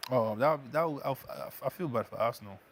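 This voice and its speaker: A man with a South London accent, co-hosting a football watchalong in casual chat, excitable and full of slang and repeated words. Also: mid-range voice, fast talker, slight background noise. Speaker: watchalong co-host.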